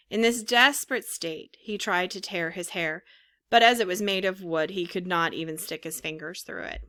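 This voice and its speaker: A woman narrating a storybook in an expressive reading style. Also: on the low side, normal speed. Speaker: audiobook narrator. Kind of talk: scripted narration.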